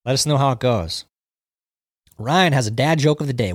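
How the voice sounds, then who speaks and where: A man's voice: medium pitch, big pitch swings, measured pace, long pauses, no room sound. Casual male stream host riffing on comments, mid voice, dry mic. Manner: chatty, reads viewer comments aloud and riffs on them. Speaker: livestream host reading chat. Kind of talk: casual chat.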